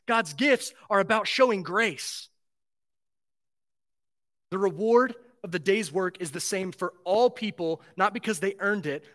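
A man's voice: high-pitched, a bit bright. A man preaching a sermon as pastor, earnest and emphatic, repeating key phrases and asking rhetorical questions.

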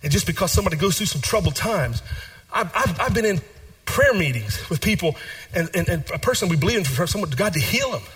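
A man preaching a sermon as pastor, repeating phrases and moving between hushed and animated delivery. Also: high-pitched, brisk, breathy edge.

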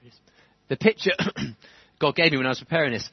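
A man preaching a sermon in church, animated, chuckling often and building to fervent emphasis. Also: fairly high pitch, fast, vocal fry, slightly rough, no room sound. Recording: dull lo-fi church recording.

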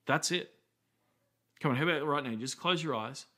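An Australian man in his thirties, working as a pastor, preaches through stories told casually with quick asides. His fairly high voice comes across pushed and bright.

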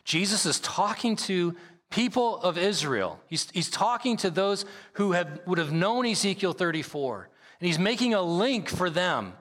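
Man, pastor, preaching a sermon, emphatic, repeats key phrases, bright ringing tone, long hall reverb. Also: sits high, big pitch swings, a little slow. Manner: reads scripture aloud at length.

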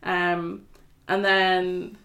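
A woman's voice: lowish voice, monotone, very slow, pushed and bright. A young woman co-hosting a casual film podcast, giggly and swearing casually as she recaps scenes. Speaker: podcast co-host. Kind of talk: casual film-discussion chat.

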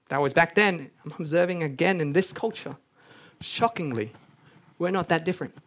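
Man with a raised voice preaching. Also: on the high side. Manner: lively, joking asides between earnest points; reads scripture aloud with rising intensity. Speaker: pastor. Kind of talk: sermon.

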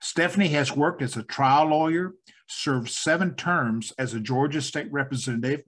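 A man's voice: fairly high pitch, fairly bright tone, breathy edge. Genial male podcast host. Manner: genial, laughs often, some halting restarts. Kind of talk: interview podcast.

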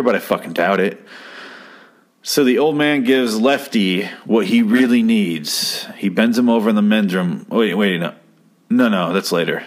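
A man reviewing an old TV episode in casual, profane commentary, sarcastic and rambling, acting out the lines he quotes. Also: on the low side. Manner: sarcastic, rambling, swears freely, acts out quotes.

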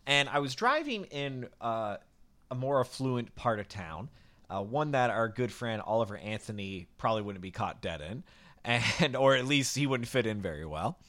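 A man's voice: mid-range voice, expressive, normal speed, fairly bright tone. A man co-hosting a podcast in laid-back casual chat, laughing along easily. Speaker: podcast co-host.

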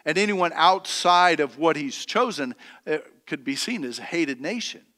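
A man preaching a sermon, reading scripture slowly and emphatically, then explaining it in plain, halting everyday talk with many restarts. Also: a little high, lively intonation, sharp tone, in a large hall. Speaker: pastor.

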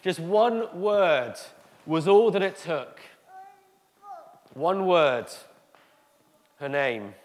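Guy preaching in a church hall, kinda high voice, slow dramatic pauses, echo all around. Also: expressive. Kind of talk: sermon. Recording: echoey hall.

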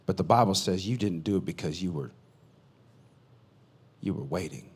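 A man's voice: low-pitched, animated, normal speed, husky. Conversational man preaching a sermon. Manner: conversational, swings between loud bursts and quiet asides. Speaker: pastor.

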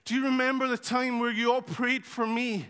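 Male preacher, bright high voice, chatty storytelling sermon, long reverb of a church hall. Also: moderate pace, smooth. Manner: animated, conversational storytelling with humour.

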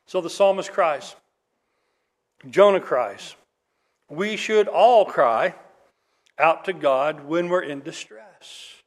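A man's voice: on the high side, expressive, slow, long pauses. A man preaching a sermon in a conversational way, with dry humor, reading scripture aloud. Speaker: pastor.

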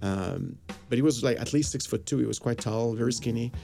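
A man recounts a personal story in a loose, rambling way, filling it with fillers and acted-out bits of dialogue. His voice is gravelly and mellow, sitting at an ordinary pitch. Faint music plays underneath. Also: fairly quick. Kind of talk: casual anecdote. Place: Los Angeles area.

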